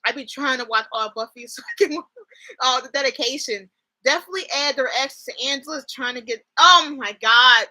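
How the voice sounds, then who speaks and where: A young woman chatting casually on a live stream, expressive and slangy, swearing freely and reacting to chat. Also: high voice, a little fast, rough recording.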